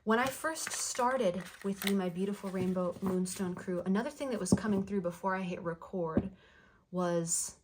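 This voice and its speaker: Woman tarot reader, soft and affirming, mid-pitched, repeats her phrases. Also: normal speed, slight background noise. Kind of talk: channeled tarot card reading.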